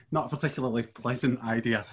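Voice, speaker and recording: A man, from the west of Scotland, chatting as a podcast guest, hesitant and halting with frequent laughs. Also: medium pitch, steady tone, breathy edge. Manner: hesitant, many fillers and restarts, laughs easily. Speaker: guest curator. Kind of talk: casual chat.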